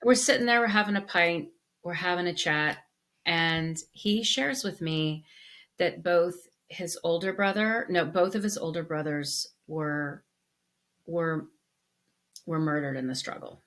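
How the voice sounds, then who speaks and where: A woman co-hosts a relaxed podcast conversation in a somewhat low voice. She tells stories with animation, often restarting her sentences as she goes. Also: measured pace. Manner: animated storyteller with many restarts. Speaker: podcast co-host. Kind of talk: casual conversation.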